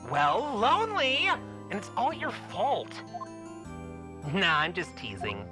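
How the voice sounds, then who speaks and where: A woman's voice: mid-range voice, wildly swooping pitch, slow, music in the background. A woman voicing a cheerful, teasing young woman talking to her older sister. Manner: playful, teasing.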